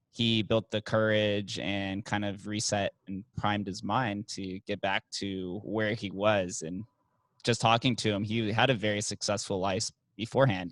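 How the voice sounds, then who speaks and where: Young male podcast host, low voice, relaxed, filler-heavy, dry recording. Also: dry recording. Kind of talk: casual interview chat.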